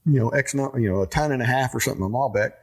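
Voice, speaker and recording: A man's voice: mid-range voice, racing. A man, a winery owner telling a rambling story in a casual interview, full of fillers and restarts.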